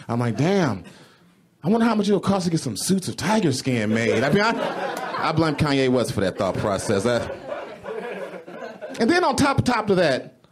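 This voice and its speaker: A man doing a stand-up comedy set on a club stage, animated and profane, often jumping into high, exclaimed voices. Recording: live club recording with crowd. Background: audience laughing.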